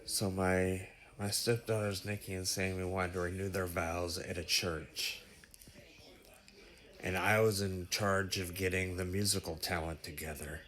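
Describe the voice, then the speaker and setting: A man with a lowish voice recounts a bizarre dream in loose, casual storytelling. He stumbles and restarts, swears freely and keeps an animated, breathless drive. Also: a little slow. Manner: animated, profane, breathless retelling.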